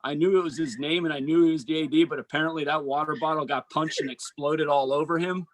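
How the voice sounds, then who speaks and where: A man, a basketball coach and former college player, telling stories in an animated, casual chat. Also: a little high, rough recording. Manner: animated storyteller, quick asides and restarts.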